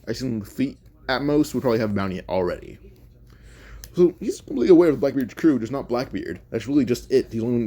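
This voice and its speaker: A man's voice: mid-range voice, warm tone. A man casually retelling a fan-made story, rambling and thinking aloud as he goes, often correcting himself.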